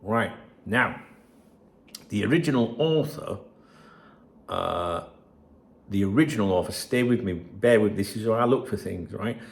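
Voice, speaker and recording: A man's voice: fairly low pitch, a little slow, creaky, pauses often. A man hosting a football channel, reading out messages and chatting to viewers in a sweary, rambling way. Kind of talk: casual solo commentary reading messages.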